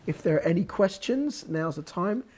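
A man with a croaky voice teaching a scripture class, swinging from low explanation to loud exhortation. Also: lively intonation, moderate pace. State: hoarse, croaky voice. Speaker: Torah teacher. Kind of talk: lecturing on scripture.

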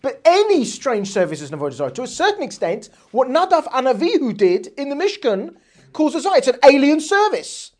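Woman, religious teacher, text lesson, animated, rhetorical questions, lively pitch. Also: fairly quick. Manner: animated, reads texts aloud, rhetorical questions. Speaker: Torah teacher.

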